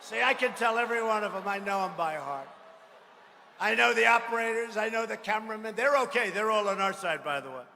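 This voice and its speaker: A man giving a rally speech, boastful and mocking, repeating himself and bursting into shouts. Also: high-pitched, animated, brisk, vocal fry. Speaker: political speaker at a rally. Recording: echoey hall with faint ambience.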